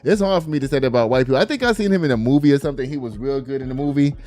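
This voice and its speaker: A man's voice: medium pitch, very fast, darkish tone. A man hosting a casual commentary vlog, chatty and profane, talking straight to his viewers.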